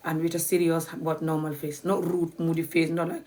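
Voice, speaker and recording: A woman's voice: low-pitched, steady tone, a little fast, few pauses, darkish tone. Chatty woman teaching on a livestream. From Gambia. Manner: chatty, spells words out letter by letter, laughs often. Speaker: language teacher. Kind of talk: live-streamed language lesson.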